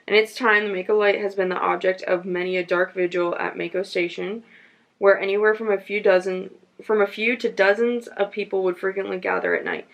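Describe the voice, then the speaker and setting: A woman's voice: mid-range voice, vocal fry, rough recording. A woman hosting a podcast, chatting casually and reading ghost stories aloud in a storytelling tone. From North Carolina. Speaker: podcast host.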